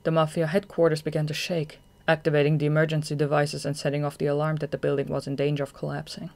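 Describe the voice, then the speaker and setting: Measured fan audiobook narrator. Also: mid-range voice, monotone, gravelly.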